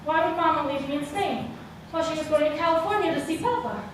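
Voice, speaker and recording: A young woman performing a solo stage monologue, dramatic, moving between hushed and shouted lines, recorded live from a distant mic on a theater stage. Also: sits high, fast talker, a little hiss or hum. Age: young adult. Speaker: student performer. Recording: echoey hall sound from a distant mic.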